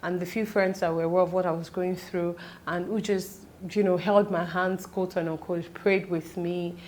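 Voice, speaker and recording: Tearful woman, halting and emotional. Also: lowish voice, steady tone, darkish tone. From Nigeria. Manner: tearful, halting, fighting back tears. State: close to crying. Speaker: vlogger. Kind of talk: emotional personal vlog.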